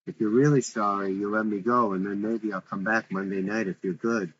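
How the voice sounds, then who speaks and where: A man's voice: lowish voice, fairly even intonation, brisk, fairly bright tone, muffled recording, natural voice. A man reading a defiant young woman. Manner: blunt, mocking retorts.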